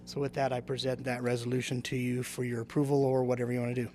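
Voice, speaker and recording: A man's voice: medium pitch, little pitch movement, fast, a little mellow, faint music behind. A man, the county clerk-auditor, presenting items at a public meeting in a plain, matter-of-fact way.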